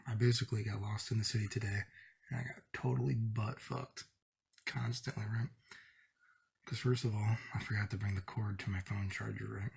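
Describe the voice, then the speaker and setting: Gravelly, husky young man ranting. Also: on the low side. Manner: profane, rambling and exasperated. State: sick. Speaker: vlogger. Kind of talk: casual vlog rant.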